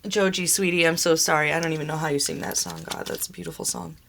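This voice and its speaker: A woman's voice: deep voice, steady tone, fast talker, creaky, a bit bright, a little hiss or hum. A young adult woman giving a casual tarot reading, emotional and exclamatory, laughing and tearing up as she talks. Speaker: tarot reader.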